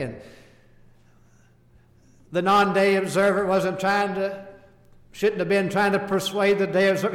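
A man preaching a sermon, reading scripture slowly and with emphasis and asking the listeners rhetorical questions. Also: sits high, steady tone. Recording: echoey hall.

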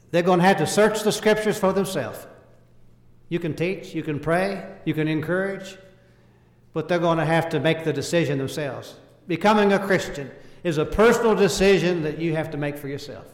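A man delivers a sermon in a fairly high voice, pressing each point in short, earnest phrases and slipping into King James wording when he quotes scripture. His voice rings out in a roomy hall with a long reverb tail. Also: moderate pace. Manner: speaks in short emphatic phrases, voice rising and falling in volume. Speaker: preacher.

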